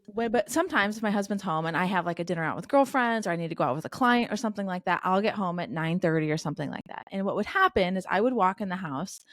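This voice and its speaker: Candid woman telling lively anecdotes. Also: on the low side, fast, hardly any pauses, no echo. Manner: candid, animated anecdotes with quoted dialogue. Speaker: podcast guest. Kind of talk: conversational interview storytelling.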